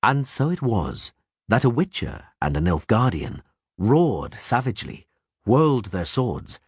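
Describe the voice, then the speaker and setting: A man reads an audiobook aloud with a husky voice. His pitch swings widely as he dramatizes the story. The sound is dry and close. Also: measured pace, no echo. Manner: lively dramatic reading. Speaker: audiobook reader. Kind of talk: audiobook narration.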